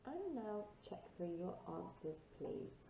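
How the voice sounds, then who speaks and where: Woman, teacher, recorded lesson, mellow tone, faint background noise. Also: mid-range voice, sing-song, slow. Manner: clear, patient teacher, models words to repeat. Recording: echoey room, distant mic, faint noise.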